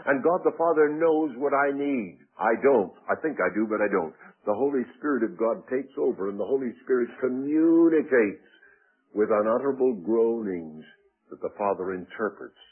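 Male preacher, husky voice, tinny old radio sound, fast talker, booms up on the big points. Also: animated. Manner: dynamic preaching, swelling louder and higher on key points, dropping low for asides. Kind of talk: sermon.

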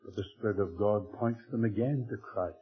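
A man preaching a Bible-teaching sermon in a measured, emphatic way, often clearing his throat. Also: on the low side. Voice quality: husky. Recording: old tinny phone-like tape with faint music.

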